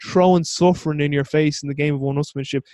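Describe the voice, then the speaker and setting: Rambling, frank man, slightly high voice. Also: fairly even intonation, fast talker, warm tone, no echo. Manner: rambling, frank, swears casually. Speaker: podcast host. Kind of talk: casual interview conversation.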